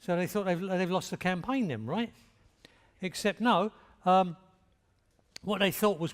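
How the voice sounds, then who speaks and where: An older man giving a talk in a plain, direct storytelling manner. His voice sits a little high for a man. The sound rings with the long reverb of a large hall. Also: measured pace, pauses often. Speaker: speaker at a talk. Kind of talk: anecdotal lecture.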